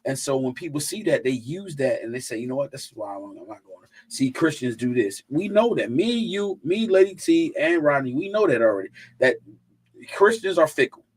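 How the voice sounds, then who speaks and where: Husky man rambling in casual chat. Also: a little high, expressive, low-quality recording. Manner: rambling, halting with many restarts. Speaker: host.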